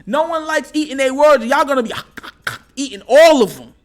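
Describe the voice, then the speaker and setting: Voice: high voice, animated, moderate pace, soft background music. A sports show host ranting casually as a fan, with slangy trash talk and frequent laughter between lines.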